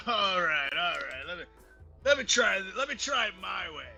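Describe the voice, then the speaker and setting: Playful high-voiced man at a game table. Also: sing-song, normal speed, gravelly, music in the background. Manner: laughing, playful. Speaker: player. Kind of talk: casual tabletop game chat.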